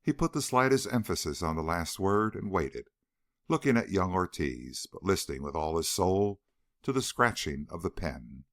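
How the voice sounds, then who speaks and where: A male narrator reads a story aloud with expressive storytelling. His voice is very low and moves animatedly through pitch. The recording is dry and close. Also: moderate pace, dry recording. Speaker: audiobook narrator. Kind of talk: scripted narration.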